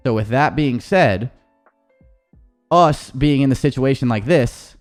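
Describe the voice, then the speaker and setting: A man's voice: medium pitch, animated, measured pace, soft background music. A man, an esports coach, casually reviewing gameplay footage in a rambling, profane way with many restarts.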